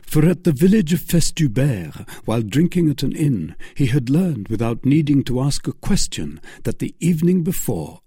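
A man narrating a classic adventure novel in a measured, expressive storytelling manner, close to the mic. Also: mid-range voice, slightly rough, no echo. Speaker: audiobook narrator.

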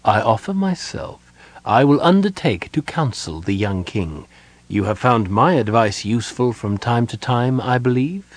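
A man voicing a cold, scheming elven wizard advisor in an audiobook, calm and self-assured. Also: mid-range voice, a little slow, no echo. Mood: smooth.

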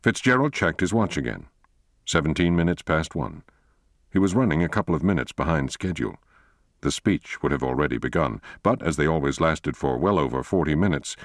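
A man reading a thriller novel aloud as an audiobook narrator, in a measured, steady way. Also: very deep voice, no echo, clean studio sound. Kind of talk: scripted narration.

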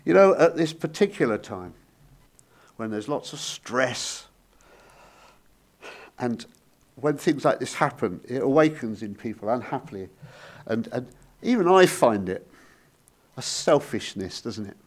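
A man preaching a sermon, telling stories with sudden rises and soft, hushed drops. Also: medium pitch, lively intonation, measured pace, pauses often.

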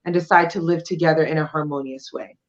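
A woman's voice: low-pitched, steady tone, fast. Lo-fi woman explaining with emphasis. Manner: emphatic, explanatory, with frequent "um" and "you know". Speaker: guest sharing her divorce experience. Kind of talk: conversational interview.

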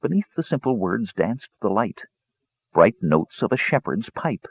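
A man reading a fantasy story aloud in expressive scripted narration, giving each character a voice. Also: on the low side, a little slow, vocal fry, husky, dry recording, lo-fi sound. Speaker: audiobook narrator.

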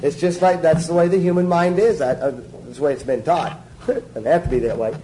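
A man's voice: on the high side, fairly quick, warm tone, a little hiss or hum, rough recording. A man giving a sermon-style teaching to a small group, emphatic and joking, repeating his instructions.

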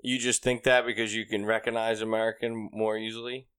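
A man's voice: lowish voice, little pitch movement, brisk, a bit bright, clean tone. A man co-hosting a podcast, chatting casually and often asking questions. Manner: conversational, questioning. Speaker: podcast co-host. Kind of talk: casual chat.

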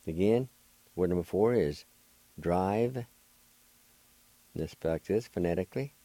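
An older man with a Cherokee accent hosts a radio language lesson, patiently spelling out words letter by letter. He is a language teacher and radio host whose low, dark voice moves a little slowly, with no echo.

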